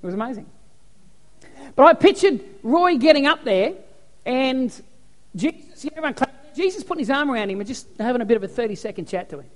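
A man preaching a sermon as pastor, animated storytelling. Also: very high voice, fast. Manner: animated storytelling, acts out cheering crowds. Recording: echoey hall with long reverb.

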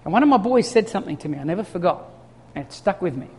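A middle-aged Australian man preaching a sermon as a story, swinging from lively to hushed. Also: high-pitched, rapid-fire, slightly rough. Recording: long reverb of a large hall.

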